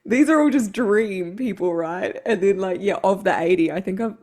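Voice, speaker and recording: A woman's voice: mid-range voice, normal speed, a little mellow. A woman with a New Zealand accent co-hosting a podcast, teasing and playful as she steers the chat. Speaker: podcast co-host. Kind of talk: casual chat.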